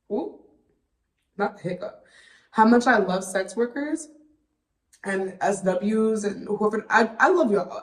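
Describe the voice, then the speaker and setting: A woman hosting a solo podcast, talking candidly and with lots of swearing, a little tipsy from wine. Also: mid-range voice. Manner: candid and profane, loose tangents. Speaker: podcast host. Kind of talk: casual solo podcast monologue. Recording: roomy echo.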